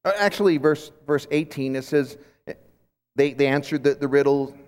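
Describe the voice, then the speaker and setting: A man teaching scripture at a conference, retelling a story with lively restarts and repeated words. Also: medium pitch, moderate pace, smooth. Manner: animated storytelling with frequent restarts. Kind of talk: sermon. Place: conference hall. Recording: long hall reverb.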